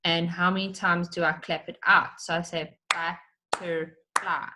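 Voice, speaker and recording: A woman's voice: on the low side, little pitch movement, normal speed, very noisy. A woman teacher giving an online lesson for children, explaining step by step and stretching out words to show their syllables.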